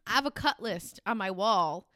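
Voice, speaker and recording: A woman's voice: medium pitch, lively intonation, normal speed, bright, forceful tone, dry recording, clean studio sound. A young woman hosting a podcast, giving casual, candid advice and swearing freely. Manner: candid, swears casually, acts out sample dialogue. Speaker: podcast host.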